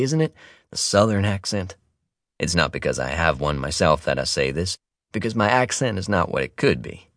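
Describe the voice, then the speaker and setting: A man with a very low voice reads a nonfiction audiobook. His delivery is wry and expressive, with intonation that swings widely for playful asides. The sound is dry and close, recorded on a studio microphone. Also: no echo. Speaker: audiobook narrator. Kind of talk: scripted audiobook narration.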